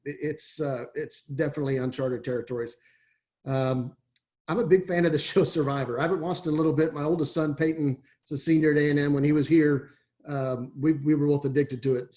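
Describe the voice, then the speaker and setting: A man's voice: fairly high pitch, dark tone. A middle-aged man from Texas, an athletic director giving a folksy, rambling webinar talk over a video call, full of fillers and restarts. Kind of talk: webinar presentation.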